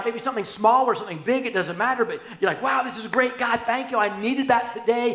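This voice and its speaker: A man preaching a storytelling sermon as a pastor, animated, swinging from hushed to loud. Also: high voice. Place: church sanctuary. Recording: echoey church hall.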